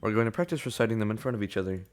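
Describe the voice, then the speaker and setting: A man's voice: fairly low pitch, expressive, racing, close to an everyday voice. Man putting on a poised club president. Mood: upbeat. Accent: British, put on. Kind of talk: voicing a visual novel.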